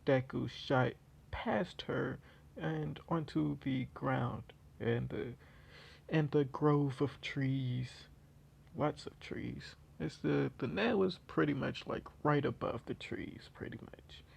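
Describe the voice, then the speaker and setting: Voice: medium pitch, slow, gravelly, breathy edge. A storyteller casually retelling a fan story, rambling with many fillers and restarts.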